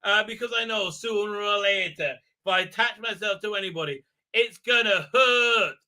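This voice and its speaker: A man's voice: high-pitched, moderate pace, bright, forceful tone. A man hosting a live stream, chatting casually in a rambling, sardonic way full of filler sounds. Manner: rambling, many filler ums and uhs, sardonic. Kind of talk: casual live review chat.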